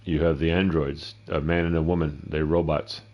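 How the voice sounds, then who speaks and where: A middle-aged man with a very low voice rambles through a casual gameplay session. He swears freely and wanders between stories, now and then talking back to himself. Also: little pitch movement, moderate pace, highs cut off. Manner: profane, rambling, talks to himself. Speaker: gameplay streamer.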